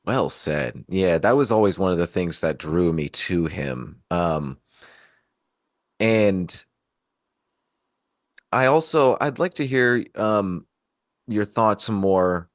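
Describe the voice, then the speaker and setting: A man hosting a podcast interview, asking long halting questions full of ums. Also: deep voice, lively intonation, no echo, studio quality. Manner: halting, many fillers, admiring questions. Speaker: podcast host. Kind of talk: casual interview.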